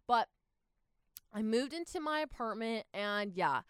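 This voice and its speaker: A young woman from Southern California talking casually to her viewers in a rambling, animated vlog with lots of fillers and restarts. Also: a little high, measured pace, smooth, no echo, clean studio sound. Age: young adult. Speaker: vlogger.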